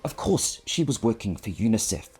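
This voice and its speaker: A man in his fifties recounts a memory as a photographer, earnest and gently self-mocking. His voice is warm and mellow with a husky grain. Faint music plays behind him. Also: lowish voice, sing-song, normal speed. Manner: earnest, reflective and self-deprecating. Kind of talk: personal storytelling. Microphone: clip-on microphone.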